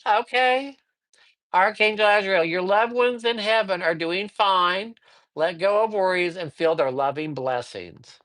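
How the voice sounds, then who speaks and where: A man's voice: high-pitched, very animated, unhurried, long pauses, sharp tone, dry recording. A man doing a livestreamed card reading, upbeat and chatty, rambling a little and greeting viewers by name. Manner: rambling, with frequent fillers. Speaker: psychic reader. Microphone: livestream microphone.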